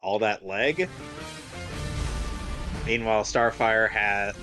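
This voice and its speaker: A man's voice: lowish voice, slow, music in the background. A man co-hosting a casual reaction stream, blunt and sarcastic. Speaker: stream co-host.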